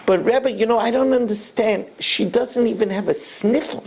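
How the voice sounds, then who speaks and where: A man voicing a brash rich young man in a told story, speaking in a loud, blustering, indignant way. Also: high-pitched, normal speed, vocal fry, crowd noise, voice pushed up.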